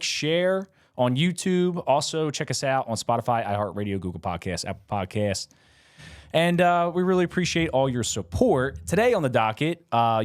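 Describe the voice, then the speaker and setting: A young man co-hosting a laid-back podcast, talking in a loose, rambling way with plenty of ums and laughs. His pitch swings widely as he talks, rising and dipping through each sentence. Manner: rambling, lots of fillers and laughs. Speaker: podcast co-host. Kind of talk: casual podcast chat.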